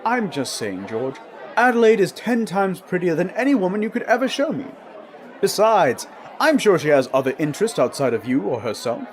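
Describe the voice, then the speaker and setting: A man's voice: high-pitched, sing-song, moderate pace, some chatter behind. A man voicing a polite, proper hero who patiently chides his friend. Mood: chiding. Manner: patient, chiding.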